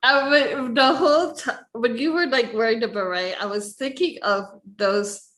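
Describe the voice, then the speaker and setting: Woman, podcast host, giggly, bright tone, roomy echo. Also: fairly high pitch, normal speed. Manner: giggly, laughs a lot. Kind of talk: casual interview chat. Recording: roomy echoey room sound.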